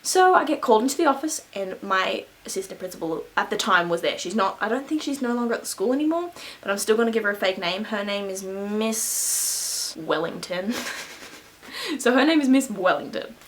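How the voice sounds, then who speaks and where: A woman's voice: mid-range voice, expressive, a little fast, low-quality recording. A young adult woman vlogger telling a school story casually, rambling with lots of fillers and frequent laughs. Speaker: beauty vlogger.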